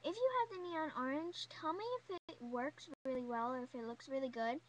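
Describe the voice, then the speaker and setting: A woman's voice: high-pitched, brisk, rough recording. A young woman chatting casually in a beauty haul vlog, gushing and chatty, full of fillers. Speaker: beauty vlogger. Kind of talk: casual haul video chat.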